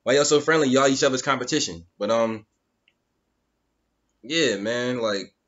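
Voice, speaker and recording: A man's voice: mid-range voice, measured pace, dull audio. A man giving a casual, mocking commentary rant, repeating phrases and sounding incredulous. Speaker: YouTube commentator.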